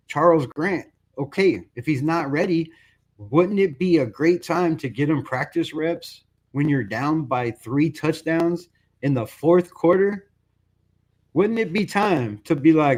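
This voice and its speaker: A man's voice: fairly high pitch, darkish tone. Frustrated man ranting about his team. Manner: frustrated, conversational, says "bro" and "right?" a lot. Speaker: fan channel host. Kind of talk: casual sports rant.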